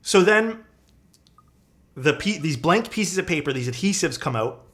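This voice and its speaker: A man streaming live, chatting casually and telling a story in a loose, profane, animated way. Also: fairly high pitch, measured pace. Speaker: streamer building keyboards. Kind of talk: casual livestream chat and storytelling.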